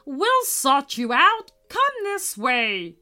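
A kindly skeleton welcomes lost children into a storybook house, as a woman narrator puts him on. The voice is bright and swings widely in pitch, taking its time with each reassuring line. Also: wildly swooping pitch, extremely slow, faint music behind, exaggerated voice. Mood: cheerful. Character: friendly talking skeleton butler, male.

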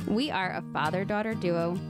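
A woman's voice: lowish voice, normal speed, loud music behind the voice. A young woman co-hosting a casual podcast with her father, bantering playfully and laughing often. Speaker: podcast co-host. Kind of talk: casual chat.

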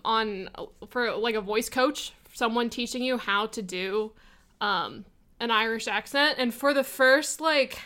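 With a smooth, somewhat bright voice on the high side, a young woman plays a podcast role asking questions from listeners. Her casual chat rambles along, full of fillers.

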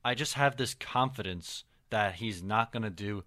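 A man's voice: on the low side, normal speed, bright, forceful tone. A young man hosting a casual sports podcast, laid-back and joking as he tells a story. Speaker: podcast host. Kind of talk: casual hockey podcast chat.

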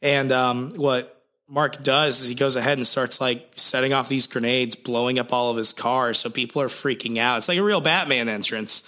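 A man casually retelling a comic's plot with lively storytelling and crude jokes. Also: mid-range voice, normal speed. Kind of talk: casual comic recap chat.

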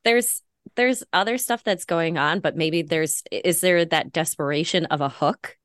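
A woman's voice: low-pitched, measured pace, a bit bright, no room sound, clean studio sound. A woman co-hosting a podcast, chatting casually with wry, exasperated commentary. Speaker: podcast co-host. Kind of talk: casual chat recapping a TV show.

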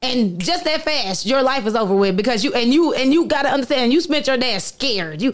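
An animated woman talks in casual chat, acting out little scenes as she goes. Her voice sits a bit high and leaps around a lot in pitch. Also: fairly quick. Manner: animated, acts out quotes, laughs often. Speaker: guest musician.

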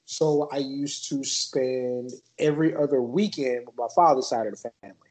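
A man's voice: mid-range voice, normal speed, a little mellow, low-quality recording. Man, from Maryland, podcast guest, casual chat, laid-back, rambling. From Maryland, USA. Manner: laid-back, loose and chatty, heavy on fillers.

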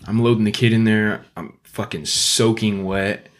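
A young man co-hosting a podcast, telling a story in a casual, profane, animated way. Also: on the low side, unhurried, slight background noise. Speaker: podcast co-host.

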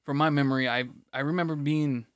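A man's voice: a little high, steady tone, quick pace, dry recording, clean studio sound. A man ranting on a podcast, rambling with many restarts and plenty of swearing. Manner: rambling, restarts a lot, profane rant. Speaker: podcast co-host. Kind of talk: casual ranting chat.

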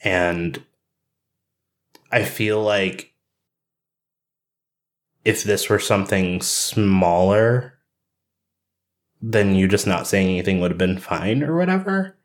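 A man playing a young adult friend who talks through hurt feelings in a hesitant, halting way, in an improvised role-play. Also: low-pitched, animated.

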